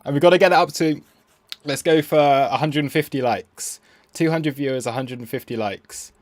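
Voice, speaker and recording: A man's voice: a little high, moderate pace, no echo. A man, chatting playfully on a live trading stream and talking at the price chart.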